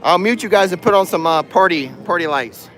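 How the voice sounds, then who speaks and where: A man's voice: high-pitched, brisk, a bit bright. Joking man livestreaming while walking. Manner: joking, playfully boastful, chatting to viewers while walking. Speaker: livestream host. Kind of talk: casual livestream chat. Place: outdoor theme park. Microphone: handheld phone. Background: faint music and crowd.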